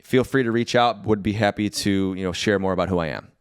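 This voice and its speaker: A young man with a low voice talks in a relaxed, casual way and co-hosts a podcast conversation. He walks through examples and uses plenty of fillers. The sound is dry and close, with no room around it. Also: fast talker, clear, resonant tone, dry recording. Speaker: podcast co-host.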